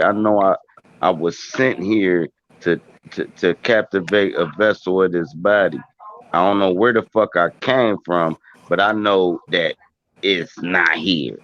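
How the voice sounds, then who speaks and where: A man's voice: low voice, fairly bright tone, dry recording. A man talking casually in a group chat, rambling in slang with many fillers and restarts. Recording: dull lo-fi stream audio.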